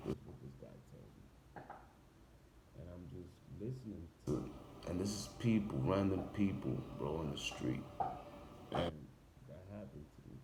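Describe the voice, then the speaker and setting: Deep-voiced man telling an intense story. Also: lively intonation, normal speed, creaky. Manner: intense, emphatic, drifts louder and quieter. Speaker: barber telling a personal story. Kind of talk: casual spoken monologue. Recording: echoey room with background noise.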